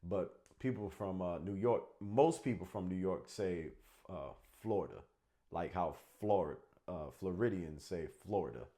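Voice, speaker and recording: Man, Connecticut accent, low voice, joking comedy co-host who swears freely. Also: unhurried, dark tone. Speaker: podcast co-host. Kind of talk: casual chat.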